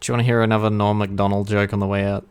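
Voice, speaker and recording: A man co-hosting a podcast, telling jokes in casual chat, animated and swearing. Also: lowish voice, very fast, smooth. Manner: animated storyteller, swearing, laughs at his own jokes. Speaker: podcast co-host.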